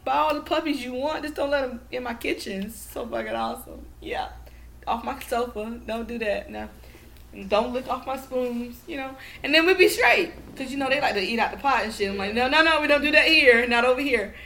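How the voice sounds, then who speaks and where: A woman guest in casual podcast chat, telling profane, animated stories and acting out what people said. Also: a little high, brisk, vocal fry, a little hiss or hum. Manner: animated, profane storytelling with acted-out quotes.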